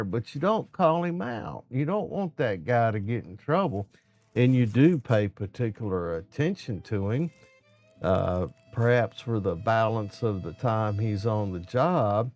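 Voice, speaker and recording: A man's voice: mid-range voice, lively intonation, measured pace, darkish tone, dry recording, soft background music. A man telling folksy, rambling safety stories in a casual live-stream monologue, acting out the dialogue himself.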